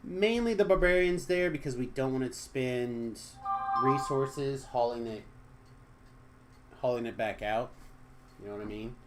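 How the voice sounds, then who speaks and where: A young man chatting casually with viewers on a live game stream, joking and trailing off into quiet asides. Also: mid-range voice, unhurried, pauses often, heavy background noise.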